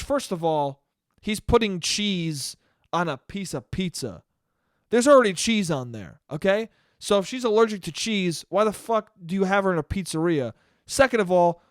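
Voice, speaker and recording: Talking by himself on a podcast, a man rambles through a story, cursing freely and restarting sentences again and again. His high voice is expressive and moderately paced, and the studio recording is clean and dry.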